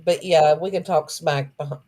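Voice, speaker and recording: Mellow-voiced woman with dry asides. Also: sits low, steady tone, normal speed. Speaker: livestream co-host. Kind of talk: casual livestream chat.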